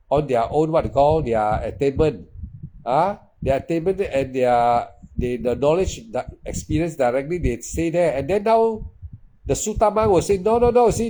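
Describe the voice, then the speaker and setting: A man gives a dharma talk in a mellow, fairly high voice. He speaks emphatically, circles back on his points and uses loose, grammar. A faint hiss and the odd click sit under the recording. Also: low-quality recording. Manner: repetitive, emphatic, with non-native English grammar. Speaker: meditation teacher.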